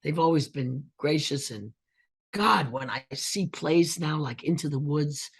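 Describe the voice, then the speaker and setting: An older woman, a guest actress, chatting in an interview with a husky voice, acting out the voices of people in her stories. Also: low-pitched, a little slow. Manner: animated storyteller who acts out quoted voices. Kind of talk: casual interview chat.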